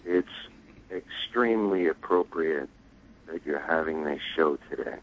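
A man calling in to a radio show, with a very deep voice and a slow, earnest delivery. The line sounds dull and muffled. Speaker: caller. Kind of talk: phone-in chat.

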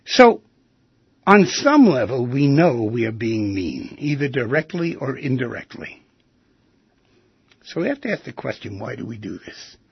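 A man's voice: mid-range voice, sing-song, a little slow, vocal fry, breathy edge, dry recording. A man hosting a radio talk show, musing thoughtfully and asking rhetorical questions. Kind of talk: reflective radio monologue. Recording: dull lo-fi radio broadcast.

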